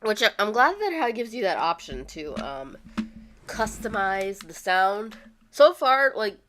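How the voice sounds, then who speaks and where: Woman gamer on stream, voice kinda hoarse from a cold, mid pitch, lots of um and like, talks into a streaming mic. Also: big pitch swings, unhurried, a bit bright, soft background music. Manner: rambling, lots of fillers and restarts. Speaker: gaming streamer. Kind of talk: casual livestream chat. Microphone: streaming microphone.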